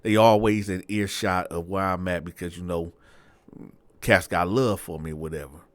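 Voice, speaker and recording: A man telling a personal story in a relaxed, slangy, conversational way, close to the mic. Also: low-pitched, moderate pace, no room sound. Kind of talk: casual storytelling.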